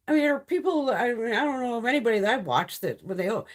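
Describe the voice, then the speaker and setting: A woman's voice: medium pitch, very animated, fast, few pauses. A middle-aged woman hosting a casual beauty live stream, chatty and blunt, swearing freely and laughing often.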